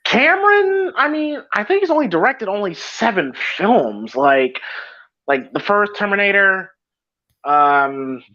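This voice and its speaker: A man's voice: sits high, sing-song, measured pace, sharp tone, highs cut off. A man co-hosting a movie watch-along podcast in casual chat, stammering and swearing a lot. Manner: stammering restarts, heavy swearing. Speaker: podcast co-host.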